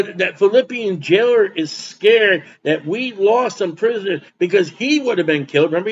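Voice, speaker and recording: A man's voice: sits high, dull audio, slight background noise. A man preaching a sermon as pastor, emphatic and repeating his points for stress.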